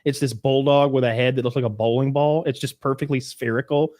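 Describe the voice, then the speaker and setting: Dude on a podcast rambling through a movie story, swears a lot, dry sound. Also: male voice, mid-range voice, steady tone, fairly quick, darkish tone, no echo. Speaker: podcast co-host. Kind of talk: casual podcast chat.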